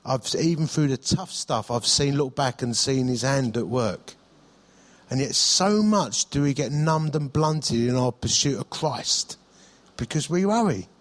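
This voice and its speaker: A man's voice: medium pitch, expressive, measured pace. A middle-aged male pastor, preaching in a chatty storytelling way, with self-deprecating humour and frequent restarts. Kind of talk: sermon.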